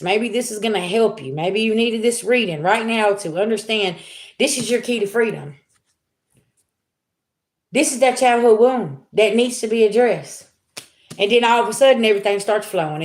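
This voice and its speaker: A woman's voice: fairly high pitch, expressive, normal speed. Chatty woman tarot reader, roomy echo. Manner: chatty, talks straight to viewers, frequent "okay?" and "y'all". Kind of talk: casual tarot reading to viewers.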